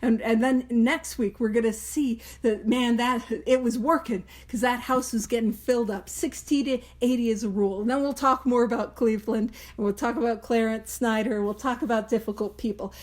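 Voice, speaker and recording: Earnest woman with a fairly high voice. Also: fairly even intonation, moderate pace, hardly any pauses, a little mellow. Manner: earnest and emphatic, with playful asides. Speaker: podcast host leading a study group. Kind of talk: casual study talk.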